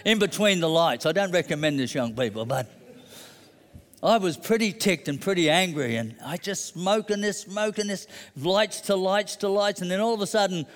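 A man's voice: sits high, normal speed, in a large hall. A middle-aged man preaching a sermon, telling a personal story conversationally and building to emphatic declarations.

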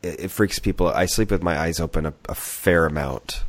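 A man's voice: deep voice, fairly quick, no room sound. A man co-hosting a podcast, chatting casually and stammering his way into anecdotes. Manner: relaxed storytelling, stammers into anecdotes. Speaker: podcast co-host. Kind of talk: casual chat.

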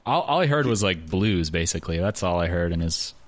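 A man talks about songs with dry, teasing humor, and his pitch moves up and down a lot. His voice is recorded close and dry. He sounds like a podcast co-host in casual chat. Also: expressive, brisk, no room sound. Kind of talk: casual music review chat.

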